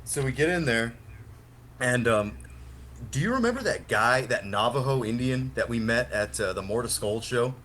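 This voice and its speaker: A man's voice: mid-range voice, animated, moderate pace, a bit bright, slight background noise. Rambling, laughing young man telling a story. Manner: rambling, profane, laughs often. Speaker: podcast co-host. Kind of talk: casual storytelling chat.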